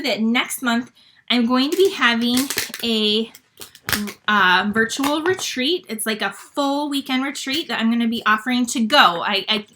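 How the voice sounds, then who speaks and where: A woman from Michigan hosting a live paper-craft demonstration, chatty and fast-talking with plenty of fillers. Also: on the high side, bright, forceful tone. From Michigan, USA. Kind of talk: casual live craft demo.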